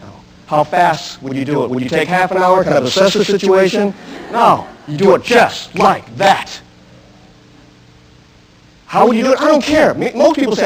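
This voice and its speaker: High-voiced intense male self-defense instructor. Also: lively intonation, moderate pace, poor audio. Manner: intense, direct, questions the audience. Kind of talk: live seminar lecture. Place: room with an audience. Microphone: archive video recording.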